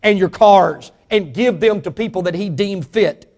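A man delivers a sermon in a notably high voice. He preaches emphatically and keeps turning to address the congregation directly. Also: unhurried, a little mellow. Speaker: pastor.

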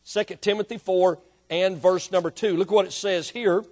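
A man preaching a sermon, emphatic, swinging from quiet explanation to loud drawn-out emphasis. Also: high voice, fairly even intonation. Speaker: pastor.

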